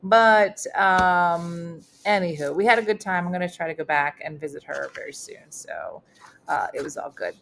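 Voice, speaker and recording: A woman's voice: on the low side, animated, normal speed, vocal fry, fairly bright tone, a little hiss or hum. Chatty middle-aged woman hosting a live chat. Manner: chatty storyteller with many fillers. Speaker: comedian and show host. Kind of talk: casual live-stream chat.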